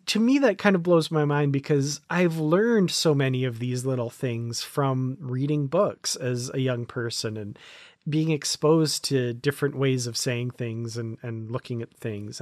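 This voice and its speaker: Podcast co-host: easygoing man, mid pitch, quick to laugh, dry close sound. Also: no echo. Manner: relaxed, laughs easily, backchannels often. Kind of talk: casual chat.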